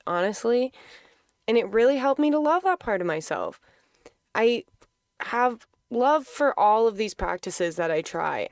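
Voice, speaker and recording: A woman's voice: mid-range voice, darkish tone, smooth, no room sound, clean studio sound. A woman speaking openly and casually about her feelings, laughing often and swearing freely. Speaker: podcast host sharing a personal story. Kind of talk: candid reflective monologue.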